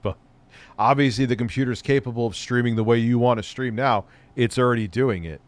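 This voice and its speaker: A man's voice: medium pitch, a little fast, no echo. A middle-aged man hosting a live stream, chatting loosely and rambling, with casual swearing. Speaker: streamer host.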